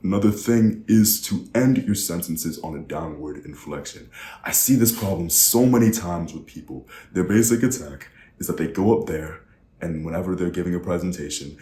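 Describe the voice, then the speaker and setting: A young man coaching public speaking, demonstrating vocal techniques and often shifting his loudness and pace. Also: sits low, moderate pace, echoey room, a little hiss or hum. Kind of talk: instructional talk to camera.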